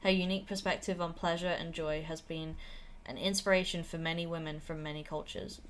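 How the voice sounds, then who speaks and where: A woman's voice: sits low, steady tone, fairly quick, a bit bright, slight background noise. A woman voicing a middle-aged male editor giving a formal, earnest eulogy, in a game played aloud.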